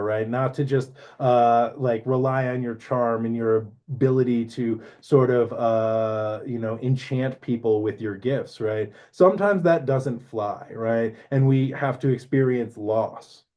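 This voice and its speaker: A man with a mellow, medium-pitched voice hosts an astrology podcast. He talks casually and rambles, leaning heavily on fillers and constantly asking "right?"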